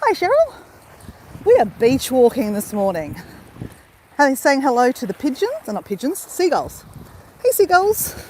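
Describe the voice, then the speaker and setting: A woman's voice: a little high, big pitch swings, normal speed, darkish tone, a little hiss or hum, poor audio. An Australian woman chatting casually to viewers on a phone while she walks along a beach. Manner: chatty, laughing, talks straight to viewers. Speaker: YouTuber doing a live stream. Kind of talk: casual chat while walking. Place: outdoors on a beach. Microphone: phone at arm's length.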